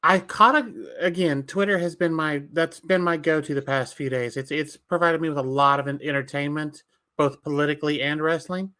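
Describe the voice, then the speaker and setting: A man co-hosting a podcast, giving animated, opinionated wrestling takes and swearing freely. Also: fairly high pitch, moderate pace. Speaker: podcast co-host. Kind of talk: casual wrestling recap chat.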